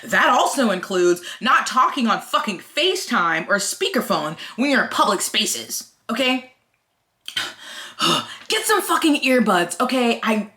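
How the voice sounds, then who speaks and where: A woman's voice: medium pitch, bright, forceful tone. A young woman ranting in a casual vlog, swearing often and sounding exasperated. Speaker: vlogger.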